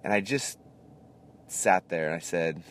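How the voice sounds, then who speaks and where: A man in his thirties hosting a podcast, telling a story in a casual, animated way and acting out the people in it. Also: deep voice, takes it slowly, slight background noise. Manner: animated, acts out voices in anecdotes. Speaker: podcast host.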